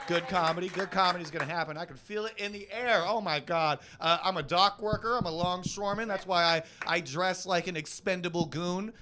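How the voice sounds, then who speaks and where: A man in his twenties hosting a live stand-up comedy show on a club stage, doing self-mocking, deadpan crowd work into a handheld mic. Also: sits high, fairly quick, hardly any pauses. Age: 20s.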